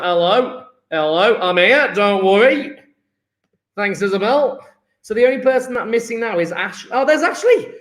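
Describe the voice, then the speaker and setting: A man's voice: high-pitched, fairly bright tone, roomy sound. A man, a chemistry teacher chatting upbeat and jokey with his class as he takes an online register. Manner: upbeat, joking, chatty with students.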